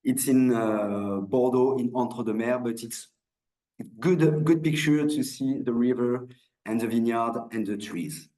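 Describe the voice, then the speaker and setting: French-accented male wine merchant, mid-pitched, halting delivery, echoey room on a video call. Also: mellow. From France. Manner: hesitant, many restarts and fillers. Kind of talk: online wine presentation.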